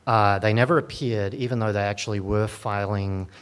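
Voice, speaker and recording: A man's voice: lowish voice, fairly even intonation, moderate pace, clear, resonant tone. A man, a lawyer, giving a conference talk in a dry, sardonic way with many fillers and restarts. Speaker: lawyer at a digital rights group.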